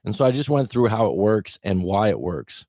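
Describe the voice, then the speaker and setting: A man's voice: lowish voice, sing-song, normal speed, warm tone, no room sound, clean studio sound. A middle-aged man giving casual, plainspoken advice as a relationship coach, acting out quoted thoughts along the way. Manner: plainspoken, acts out quoted thoughts, occasional swearing.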